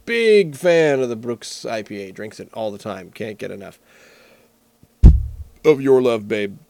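A man voicing a washed-up celebrity in a mock beer ad, crooning slow and low. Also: lively intonation, creaky, darkish tone, no room sound.

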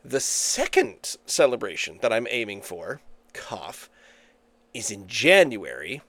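A man's voice: fairly low pitch, wildly swooping pitch, slow, a bit bright, no room sound. A man hosting a podcast in casual chat, reading facts he looks up online. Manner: chatty, reads facts off the internet aloud. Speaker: podcast host.

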